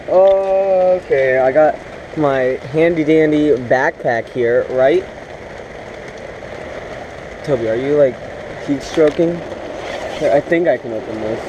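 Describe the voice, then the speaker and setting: A man's voice: fairly high pitch, slow pace, darkish tone, a little hiss or hum, poor audio. A man vlogging from a small tent in heavy rain, rambling casually with lots of fillers and chatting to his dog. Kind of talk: casual self-filmed vlog. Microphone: camera on a tripod.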